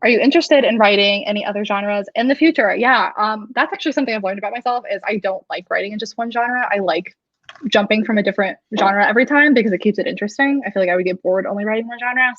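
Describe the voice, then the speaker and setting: A young woman in her twenties, an author hosting a casual release-day chat, talking fast and loosely with many fillers. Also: medium pitch, dry recording, lo-fi sound.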